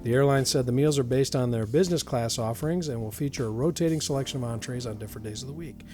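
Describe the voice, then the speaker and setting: A man's voice: mid-range voice, fast talker, dark tone, soft background music. A man hosting an odd-news podcast, reading stories aloud and joking around, often laughing. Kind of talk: casual comedic chat.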